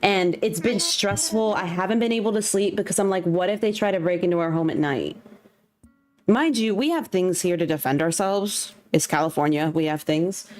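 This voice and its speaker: A woman's voice: lowish voice, moderate pace, a little mellow. A young woman livestreaming from home, ranting bluntly in casual chat with faint music behind. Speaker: streamer. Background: faint background music.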